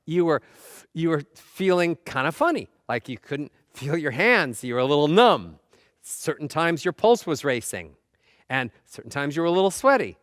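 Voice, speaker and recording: Male motivational speaker, high voice, dry close sound, fires rhetorical questions and acts out inner voices. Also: big pitch swings, moderate pace, fairly bright tone, no echo. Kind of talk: motivational talk.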